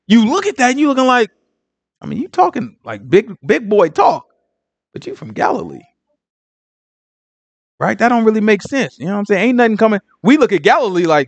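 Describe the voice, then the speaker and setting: A man's voice: high voice, fast, no room sound. A man teaching the Bible in a casual, slangy way, acting out the people in the story as he goes. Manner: slangy, animated, acts out characters.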